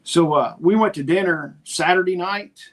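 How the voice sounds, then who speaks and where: A middle-aged man with a high voice speaks at a moderate pace while co-hosting a podcast. In casual conversation, he animatedly retells talks he has had, storytelling style.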